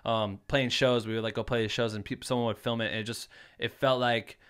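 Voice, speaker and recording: Brisk and clean-toned, the voice of this podcast guest sits at medium pitch, fairly bright with fairly even intonation. He's in his thirties, from Iowa in the United States, and his casual storytelling rambles along with lots of "like" and free swearing.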